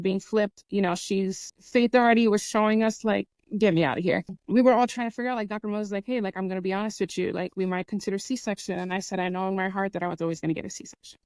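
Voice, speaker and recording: A woman's voice: mid-range voice, clear, resonant tone, dry recording. A young woman hosting a podcast, earnestly retelling a personal story in casual talk and acting out what people said. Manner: earnest, lively retelling with acted-out quotes and sound imitations. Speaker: podcast host.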